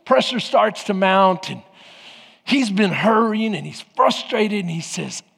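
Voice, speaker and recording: A man preaches in an unusually high voice, spinning a story and calling out to his congregation. His words ring with the long reverb of a large church hall. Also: expressive, measured pace, vocal fry, a bit bright, slightly rough. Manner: storytelling with audience call-outs. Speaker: pastor. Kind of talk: sermon.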